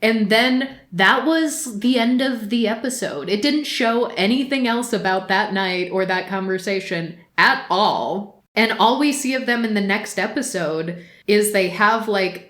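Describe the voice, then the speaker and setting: Exasperated woman podcaster in a roomy space. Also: medium pitch. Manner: animated and exasperated, with frequent laughs. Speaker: podcast co-host. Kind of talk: casual podcast commentary.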